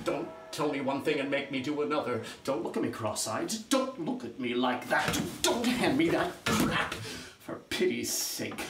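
A man's voice: mid-range voice, moderate pace. A man performing a theatrical monologue on a small stage, scolding and nagging in a stream of stock phrases. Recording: roomy recording with loud music.

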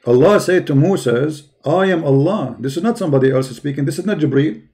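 A man with an Arabic accent argues as a debate host, pressing his point and cutting in again and again. His voice sits fairly high but sounds dark and mellow. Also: expressive, fast talker. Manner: insistent, repeats "no, no, no". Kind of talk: religious debate call.

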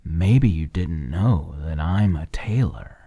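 A man plays a deep-voiced, sly frog tailor in a hushed whispered role-play. He coaxes slowly in a dark, husky tone, very close and dry. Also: expressive, no echo, heavily acted. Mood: coaxing. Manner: coaxing, slow and drawn out. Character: big-mouthed male frog tailor, sly and jolly.

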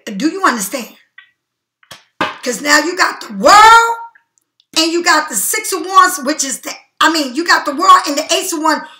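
A woman's voice: high-pitched, lively intonation, normal speed, sharp tone. A woman giving a tarot reading in a blunt, profane, preachy and emphatic way. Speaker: tarot card reader. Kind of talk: casual tarot reading monologue. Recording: echoey room.

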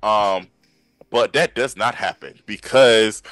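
A man's voice: on the low side, takes it slowly, a bit bright, dry recording. A man hosting a podcast, chatting casually and retelling scenes with emphatic, repeated phrasing. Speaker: podcast host. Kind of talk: casual chat.

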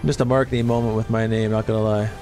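A man's voice: fairly low pitch, level tone, quick pace, dark tone, faint music behind. A man with a Southern US accent, streaming live and chatting casually with his viewers while he plays, swearing offhandedly as he reads the chat aloud.

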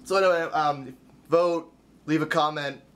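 A man's voice: a little high, fairly even intonation, a little slow, a bit bright, clean tone. Rambling man telling a vlog story. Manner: rambling, stammering restarts, self-deprecating. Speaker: vlogger.

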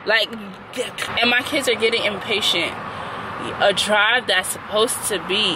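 A woman's voice: mid-range voice, unhurried, noisy background. A woman, a mother of two chatting casually and exasperatedly to her vlog viewers. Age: 20s. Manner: talkative and exasperated, venting to viewers. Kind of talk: casual vlog chat to camera.

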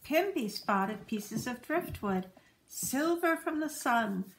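Unhurried woman reading a storybook aloud. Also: high-pitched, lively intonation, a little hiss or hum. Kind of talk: reading a picture book aloud to children.

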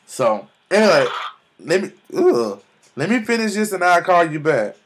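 Excitable young man praising aloud. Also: high-pitched, normal speed, background noise. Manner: exclamatory, repeats words, stammers in bursts of excitement. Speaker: vlogger. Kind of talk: excited spiritual vlog testimony.

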